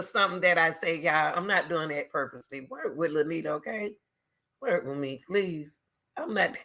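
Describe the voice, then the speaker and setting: A middle-aged woman talking straight to her viewers in casual commentary, reading scripture between emphatic, repeated remarks in a loud, teacherly way. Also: fairly low pitch, moderate pace. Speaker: YouTuber.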